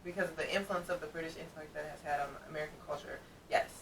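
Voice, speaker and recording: A woman co-hosting a casual reaction chat, animated and laughing often as she explains her views at length. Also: deep voice, very fast, vocal fry, distant mic, a crowd in the background, rough recording. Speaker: co-host reacting to comedy.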